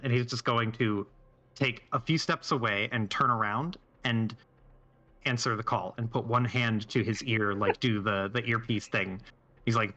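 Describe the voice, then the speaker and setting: A man's voice: mid-range voice, steady tone, moderate pace, bright, forceful tone, dull audio. A man playing a tabletop game, describing his character's actions in a loose, rambling way. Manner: rambling, with many fillers and restarts. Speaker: player.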